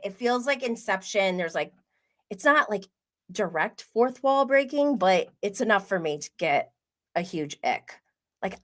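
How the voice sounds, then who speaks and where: A woman hosting a casual pop culture livestream, chatting quickly with many "like" fillers and frequent laughs. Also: medium pitch, pushed and bright. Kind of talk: casual gossip chat.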